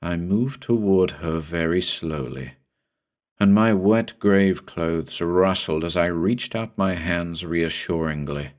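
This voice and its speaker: Slow, deep-voiced man narrating horror. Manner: slow, brooding and deliberate.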